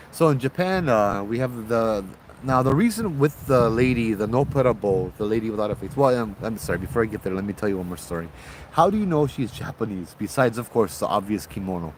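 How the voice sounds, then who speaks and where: A man with a Hawaiian accent, a bit tipsy, telling ghost stories outdoors in a relaxed, rambling way with local slang. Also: fairly low pitch, a little hiss or hum. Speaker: host, ghost-story teller. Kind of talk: casual spoken storytelling. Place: outdoors at night.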